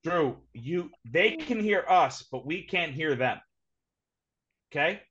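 Speaking slowly in a somewhat high, expressive, slightly bright voice, this podcast co-host bears down on a point in casual sports talk. He's emphatic, insistently repeating names and phrases, and the audio is a little dull and lo-fi.

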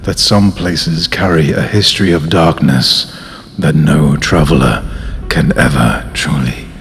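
A man hosting a podcast, reading a mock-horror story in a dramatic, drawn-out way. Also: very deep voice, creaky, in a large hall, a little hiss or hum. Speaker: podcast host.

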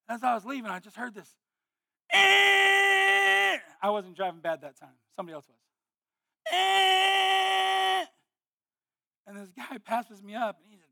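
Bright-voiced man preaching a sermon. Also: sits high, vocal fry, no echo, studio quality. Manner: animated, exclamatory storytelling with sudden loud outbursts. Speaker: pastor.

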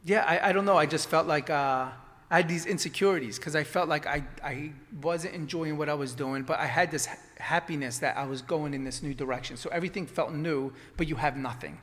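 A man with a slightly high voice recounts his past in a relaxed conversation. He rambles, restarting sentences and filling gaps with ums and "you know". A long reverb trails after his words. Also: a little fast. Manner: rambling, many restarts and fillers. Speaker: acupuncturist guest. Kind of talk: casual storytelling conversation.

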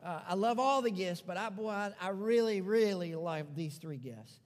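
A man with a very high voice preaches to his church congregation. He leads call-and-response declarations and drives points home by repeating phrases. His voice rings out with long reverb from the hall. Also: expressive, moderate pace. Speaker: pastor. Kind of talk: sermon. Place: church sanctuary.

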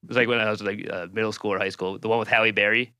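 A man's voice: lowish voice, level tone, very fast, bright, forceful tone, clear, resonant tone, no echo. A man who is a guest on a podcast, telling rambling stories full of fillers and laughing often. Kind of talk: casual chat.

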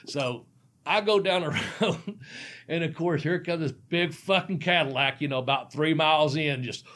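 A man's voice: fairly high pitch, normal speed, a bit bright. A middle-aged man, a former pro wrestler, telling a rambling, profane story and laughing often. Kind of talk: casual storytelling.

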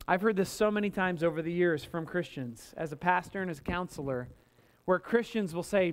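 A male pastor delivers a sermon in a lively, conversational way. He keeps calling out for amens from the congregation, and he acts out complaints in a higher, more strained voice. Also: brisk.

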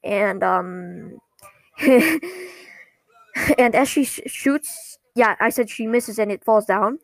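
A woman casually recapping a cartoon episode, rambling and halting, often correcting herself mid-sentence. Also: medium pitch, gravelly, fairly bright tone, dry recording.

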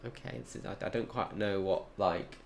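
A young man from England chats easily, with a deep voice and plenty of fillers. He laughs often as he talks. A faint background hiss sits under him. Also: normal speed, vocal fry. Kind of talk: casual chat.

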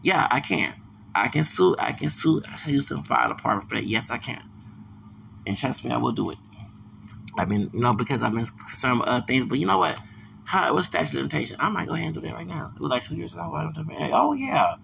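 A man's voice: medium pitch, animated, fast talker, gravelly, noisy background. A man hosting a podcast, delivering a heated, angry monologue rant and repeating himself as he vents. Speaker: podcast host.

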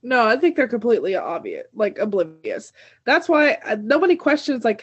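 Young woman co-host, high-ish voice, chatty recap with many fillers, dry dull lo-fi sound. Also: big pitch swings, a little fast, slightly rough, no room sound. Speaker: podcast co-host. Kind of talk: casual TV recap chat.

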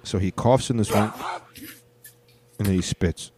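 A man's voice: lowish voice, a little slow. A man giving casual, profane commentary while reacting to online videos, blunt and swinging from somber to worked up.

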